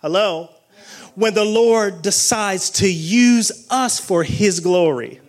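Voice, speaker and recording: A man preaching a sermon with excited exclamations and call-and-response energy. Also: high voice, drawn-out words, pauses often.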